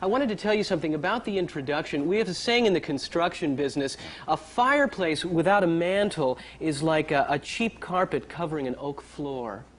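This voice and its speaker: An actor playing a fussy home-renovation expert who apologetically butts in with folksy sayings. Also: male voice, fairly high pitch, animated, brisk, a little hiss or hum, lightly acted. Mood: interrupting. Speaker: comedy sketch character.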